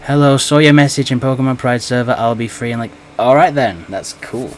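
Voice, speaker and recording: A man hosting a live game stream with casual chat, talking in a halting, nervous way with many restarts. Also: medium pitch, a little hiss or hum.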